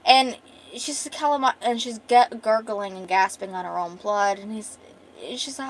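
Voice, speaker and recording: A woman streamer retelling a story in casual, animated chat. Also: medium pitch, normal speed, a little hiss or hum, poor audio.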